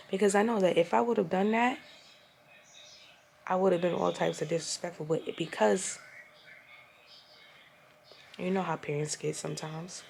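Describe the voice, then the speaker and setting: A woman's voice: fairly low pitch, creaky, a little hiss or hum. A young woman telling a casual, exasperated and profane storytime rant as a vlogger, recorded at home. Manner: exasperated, profane, animated retelling.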